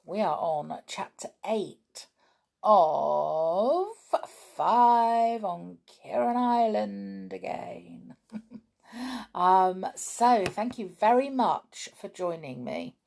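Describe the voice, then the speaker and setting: A woman's voice: mid-range voice, gravelly, a little mellow. A woman reading a children's book aloud, with chatty asides to her listeners. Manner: chatty, informal asides between passages. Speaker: storyteller.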